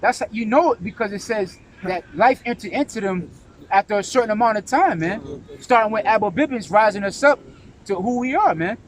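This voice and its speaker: A man's voice: high voice, animated, a little fast, a little hiss or hum, poor audio. A man preaching during a scripture discussion, emphatic, often asking "right?" and tagging "man" onto his lines. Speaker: religious teacher.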